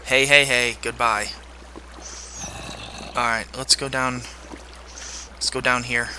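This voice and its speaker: A man's voice: medium pitch, level tone, takes it slowly, pushed and bright, a little hiss or hum. A man giving chatty video game commentary, joking and talking to the monsters in the game. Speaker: gamer.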